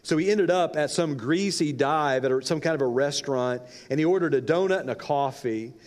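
A man's voice: fairly high pitch, brisk, a little mellow. A male pastor telling a story during a sermon, dramatic and varying his pace for effect. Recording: long reverb in a large hall.

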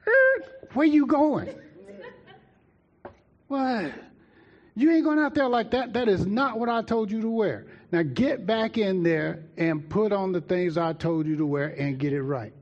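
Man playing a sharp, high-voiced scolding mom in a sermon story, dull lo-fi sound. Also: lively intonation, unhurried. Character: stern mother scolding her son.

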